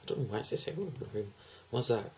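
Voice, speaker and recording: A teenage lad talks to camera in an excitable, rambling rush and gushes over everything. His voice sits at an ordinary middle pitch, and a faint background hum sits under it. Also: fast, gravelly, poor audio. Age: teens. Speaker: vlogger. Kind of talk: casual chat to camera.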